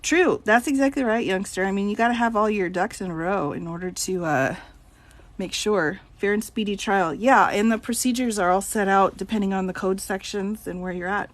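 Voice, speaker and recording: A woman attorney speaks at a moderate pace in a medium-pitched voice during a casual live stream. Giggly throughout, she reads viewers' chat questions out loud and answers each one, laughing often.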